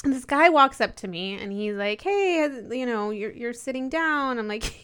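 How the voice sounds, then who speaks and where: Lively young woman telling a story. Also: a little high, moderate pace, smooth. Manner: animated storyteller, laughs often, acts out the people she quotes. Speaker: podcast co-host. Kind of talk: casual storytelling chat.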